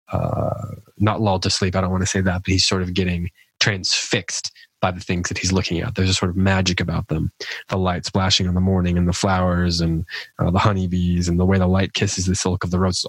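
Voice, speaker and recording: A man's voice: low-pitched, a bit bright, slightly rough, dry recording, rough recording. A man hosting a poetry podcast, thoughtfully explaining a poem and reading it aloud, with frequent restarts. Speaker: podcast host.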